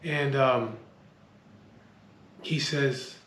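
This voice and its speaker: A man tells a story in plain, casual speech, blunt and full of swearing, often stopping to restart a sentence. His voice sits at an ordinary middle pitch. The room echoes noticeably, with a faint hum of background noise. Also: very slow, fairly bright tone. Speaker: storyteller recounting a street standoff.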